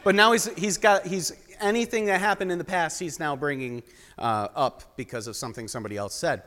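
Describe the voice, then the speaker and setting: High-voiced young man preaching in a hall. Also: brisk, a bit bright. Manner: storytelling, joking with the congregation. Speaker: guest preacher. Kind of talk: sermon. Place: church sanctuary. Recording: long reverb of a large hall.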